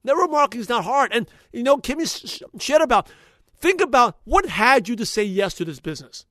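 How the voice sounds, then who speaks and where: A man hosting a podcast, recapping an episode in an energetic, motivational way and talking fast when passionate. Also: very high-pitched, no room sound, clean studio sound. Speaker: podcast host.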